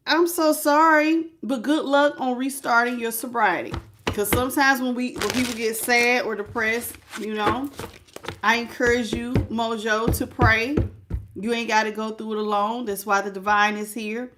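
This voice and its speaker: A middle-aged woman speaks in a fairly high voice as she runs a casual tarot livestream. She greets viewers by name, calls them baby, and shifts into prayerful invocations before drawing cards. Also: normal speed, noisy background. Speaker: tarot reader.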